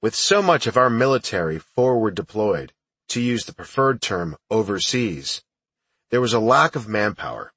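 A man's voice: on the low side, big pitch swings, moderate pace, a bit bright, husky, no echo, far from the mic. A man reading first-person audiobook narration in a plain, matter-of-fact storytelling manner.

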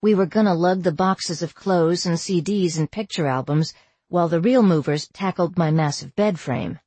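A woman narrating a first-person novel as an audiobook, in a measured, wry storytelling manner. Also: fairly low pitch, mellow, slightly rough, no echo.

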